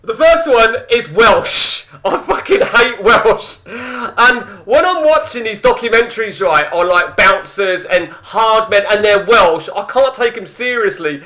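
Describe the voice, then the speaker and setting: A man's voice: sits high, animated, unhurried, hardly any pauses, pushed and bright. A man chatting casually to his stream viewers at home, rambling, blunt and swearing a lot. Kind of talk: casual live-stream banter. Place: indoors at home.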